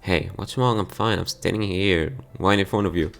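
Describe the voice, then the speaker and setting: A man's voice: low-pitched, moderate pace, creaky, a bit bright, faint music behind. A man reading a visual novel aloud, voicing a young man who reassures his crying friend. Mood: reassuring.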